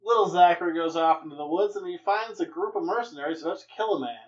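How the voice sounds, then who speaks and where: Wry young man, fairly high voice. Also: fast, muffled recording. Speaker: podcast co-host. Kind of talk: casual comics podcast chat.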